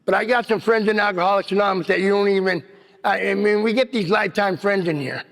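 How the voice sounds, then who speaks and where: A man's voice: sits high, quick pace, creaky, a bit bright. A man giving a rambling personal recovery share at a meeting, full of "you know what I mean.". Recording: long hall reverb.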